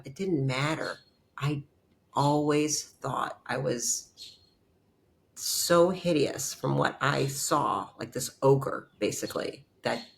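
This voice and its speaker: Blunt fortyish woman, raspy edge, candid interview guest. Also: low voice. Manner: blunt, animated, swears freely. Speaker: chiropractor and guest.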